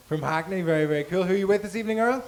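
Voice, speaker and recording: A man's voice: high-pitched, rapid-fire. A man hosting a comedy night, doing teasing crowd work with swearing and laughter. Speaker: comedy show host. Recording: noisy live room mic.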